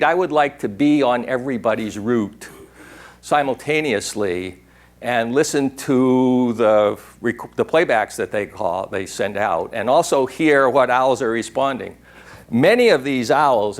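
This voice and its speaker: An older man giving a workshop talk in a lecture room, rambling and digressive, now and then imitating an owl's call. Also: medium pitch. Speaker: workshop speaker. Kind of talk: conference talk.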